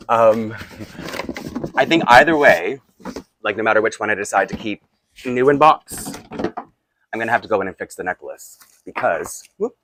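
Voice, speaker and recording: A man's voice: lowish voice, animated, measured pace, long pauses, fairly bright tone, slight background noise. A tired, groggy man, chatting casually and rambling with asides while unboxing toys for his vlog. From Canada. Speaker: toy collector vlogger.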